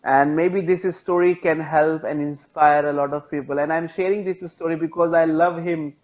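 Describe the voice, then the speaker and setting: A man's voice: a little high, steady tone, normal speed. Indian man teaching over a dull call line. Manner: gentle, repetitive, patient phrasing. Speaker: meditation teacher. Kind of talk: storytelling teaching.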